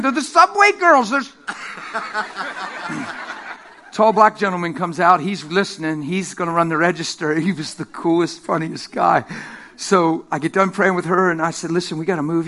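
A middle-aged man preaching a sermon, telling stories with lively energy, laughing and acting out the voices of the people in them. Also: high voice. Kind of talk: sermon with storytelling. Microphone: handheld microphone.

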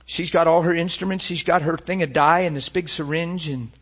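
A man with a slightly high, fairly bright voice and a breathy edge tells a personal story as a testimony, speaking a little fast with fairly even intonation. He's dramatic about it, acting out every voice and laughing through his lines.

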